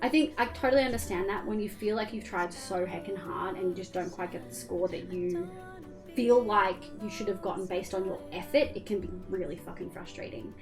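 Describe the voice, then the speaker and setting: A woman's voice: mid-range voice, fairly quick, over music. A young Australian woman streamer chatting casually and candidly with her viewers while she plays, swearing now and then. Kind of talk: casual chat while gaming.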